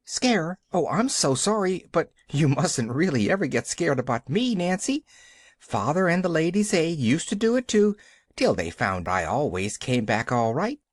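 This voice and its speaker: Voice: medium pitch, sing-song, normal speed, no room sound, studio quality, voice pushed up. A reader voicing an eager, cheerful little orphan girl. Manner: bright, eager, upbeat.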